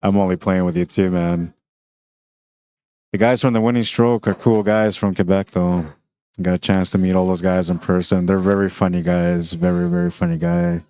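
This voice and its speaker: A man's voice: deep voice, normal speed, smooth, no echo, clean studio sound. A man doing live commentary on a pool tournament stream, chatting casually and reading viewer comments between shots. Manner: relaxed, chatty, laughs often. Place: tournament venue.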